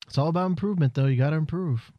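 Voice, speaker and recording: A laid-back man co-hosting a casual podcast, answering mostly with short agreements. His voice sits a little high. The recording is dry and close. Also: rapid-fire, no room sound, dull audio. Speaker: podcast co-host. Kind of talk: casual wrestling chat.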